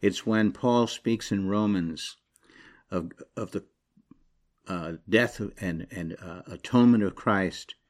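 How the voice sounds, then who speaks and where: A middle-aged man preaching a sermon. He reads scripture and builds to loud, high, emphatic passages, then drops low and quiet. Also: slow pace.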